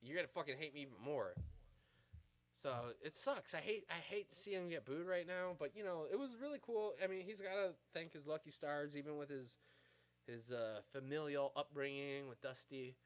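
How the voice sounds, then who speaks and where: A man in his thirties rants casually to camera in a slightly higher voice. He rambles, swears often and pads his thoughts with fillers, and the ramble runs on without tidy sentences. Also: moderate pace. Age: 30s. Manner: profane, rambling, full of fillers. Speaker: vlogger.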